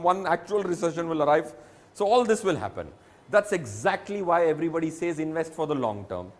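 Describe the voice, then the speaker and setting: A man with an Indian English accent explaining personal finance emphatically, using examples. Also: on the high side. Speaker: financial advisor. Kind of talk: reassuring public talk.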